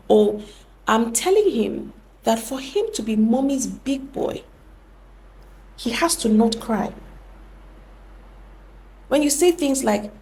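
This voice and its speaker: A woman's voice: fairly high pitch, animated, slow pace, pauses often, a little mellow, a little hiss or hum. A young woman hosting a podcast, explaining things earnestly and often correcting herself mid-sentence. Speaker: podcast host. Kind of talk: reflective podcast talk.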